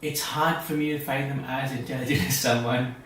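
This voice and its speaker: A man from India with an Indian accent, co-hosting a casual podcast chat, animated and full of restarts and laughter. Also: medium pitch, brisk, slight background noise. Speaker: podcast co-host. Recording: echoey room, distant mic.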